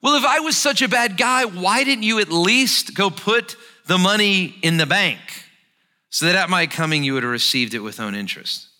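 A man's voice: lowish voice, little pitch movement, fast, hardly any pauses, pushed and bright, in a large hall, pitched below the performer's own voice. A preacher voicing a stern male master who mocks a lazy servant with sarcasm in a sermon retelling. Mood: sarcastic. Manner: sarcastic, mocking.

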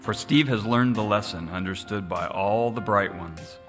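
Deep-voiced man narrating a rhyming story. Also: normal speed, a bit bright, soft background music.

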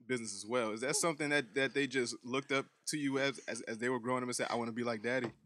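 Bright-voiced enthusiastic male host. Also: mid-range voice, fairly even intonation, racing, dry recording. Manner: enthusiastic fan, loose. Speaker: podcast host. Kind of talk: casual interview chat.

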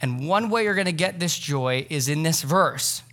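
A man's voice: on the high side, lively intonation, moderate pace, a bit bright. A man in his thirties, a pastor giving a sermon in a church, talking in a loose, conversational way with many fillers. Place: church sanctuary.

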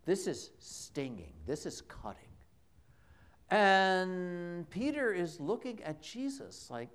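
Priest giving a homily, male, slightly high voice, lively intonation, slow measured delivery, storyteller's knack for repetition. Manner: conversational, dramatic storytelling with emphatic repetition. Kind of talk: sermon. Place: church. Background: congregation.

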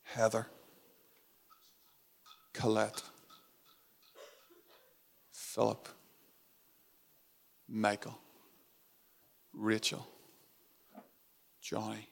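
Earnest male preacher with soft hushes. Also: fairly low pitch, monotone, very slow, creaky, pauses often. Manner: earnest and intimate, dropping to a soft hush on tender moments; repeats phrases for emphasis. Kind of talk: sermon.

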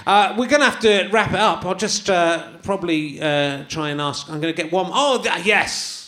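A man's voice: high-pitched, normal speed, pushed and bright. A man hosting a live comedy podcast on stage, with a wry, teasing, self-mocking way of talking. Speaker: podcast host. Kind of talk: comic chat on stage. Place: live theatre stage before an audience.

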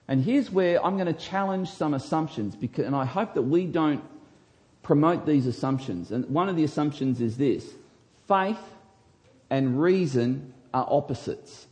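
A man, a pastor, preaching a sermon with emphatic delivery that swings from hushed to loud. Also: on the high side, expressive, normal speed.

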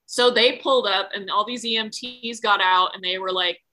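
A woman's voice: medium pitch, steady tone, normal speed, pushed and bright, slight background noise, poor audio. A woman telling a personal story in casual chat, rambling with lots of fillers and frequent swearing. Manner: rambling, heavy use of "like", swears freely.

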